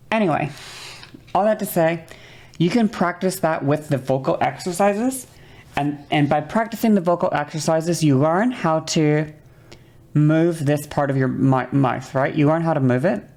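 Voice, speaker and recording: A woman's voice: low-pitched, a little slow, darkish tone. A woman streamer chatting casually about voice technique, rambling with many restarts and apologies. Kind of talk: casual livestream chat explaining voice technique.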